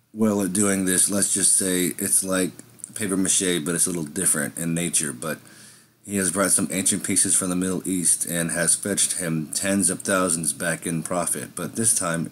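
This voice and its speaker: A man's voice: low voice, slight background noise. A man telling an improvised first-person story in a rambling way, with slips and restarts.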